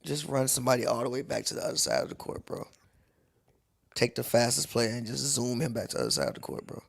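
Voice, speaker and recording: A man's voice: mid-range voice, sing-song, quick pace, creaky, dry recording, clean studio sound. A man co-hosting a podcast, ranting animatedly about the game, profane and repeating his punchlines. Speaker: podcast co-host. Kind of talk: live game reaction chat.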